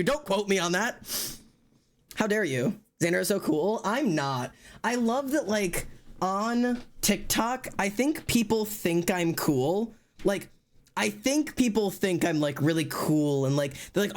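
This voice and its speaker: A streamer chatting casually and loudly to live viewers, rambling and poking fun at themself. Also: medium pitch, expressive, measured pace. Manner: loud, rambling and self-mocking. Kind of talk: casual livestream chat to viewers.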